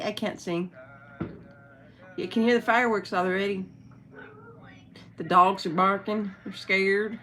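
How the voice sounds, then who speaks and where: A woman's voice: medium pitch, steady tone, unhurried, pauses often, sharp tone. A woman vlogging at home with her dog. She chats in a rambling, giggly way and uses lots of fillers. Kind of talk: casual livestream chat.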